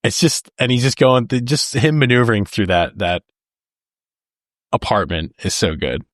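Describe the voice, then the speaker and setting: This podcast co-host has a medium-pitched, animated voice and talks at a moderate pace. In a casual film discussion he retells movie scenes, acting out the lines and laughing along. The recording is dry, with clean studio sound.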